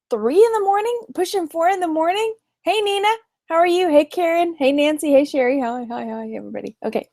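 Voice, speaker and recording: A woman's voice: sits high, a little mellow, dry recording, clean studio sound. A woman with a Texan accent chatting casually on a late-night live stream, tired and greeting viewers by name as she goes. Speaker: online reseller doing a live stream.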